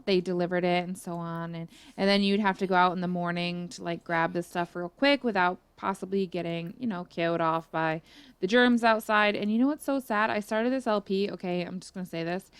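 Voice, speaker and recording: A woman's voice: mid-range voice, clear, resonant tone, no echo. A young woman chatting casually through her gameplay, rambling and full of fillers. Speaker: gaming YouTuber.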